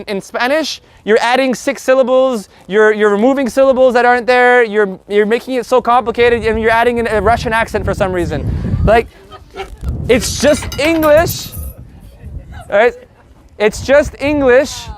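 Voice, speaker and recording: Teaching Spanish live online, this man jokes around with lots of energy and says words slowly and repeatedly for his students. His voice is very high and smooth.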